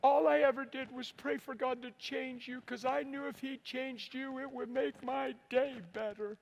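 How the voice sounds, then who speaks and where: A man quoting his wife in a raised, slow, gentle voice as she confesses through tears. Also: very high voice, steady tone, creaky, lo-fi sound, voice pushed up. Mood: tearful confession. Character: his wife, a tearful, humble middle-aged woman.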